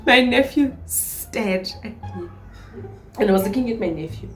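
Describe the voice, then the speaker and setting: A young South African woman vlogging a storytime in an animated, dramatic way, with plenty of swearing. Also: medium pitch, moderate pace, roomy sound, soft background music. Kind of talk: storytime vlog.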